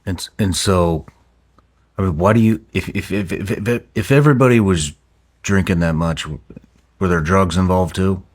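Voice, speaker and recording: A man's voice: sits low, measured pace. A man hosting an interview, giving short reactions and stammering through his questions. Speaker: host.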